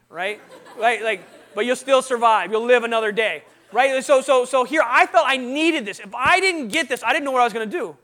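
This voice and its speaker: Man, very high voice, animated storyteller, quizzes the audience, talk to students. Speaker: guest speaker sharing his testimony.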